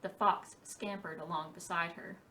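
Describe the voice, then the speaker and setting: A woman reading a picture book aloud at a library storytime for preschoolers, in a slow and expressive storybook cadence. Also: lowish voice, far from the mic, slight background noise.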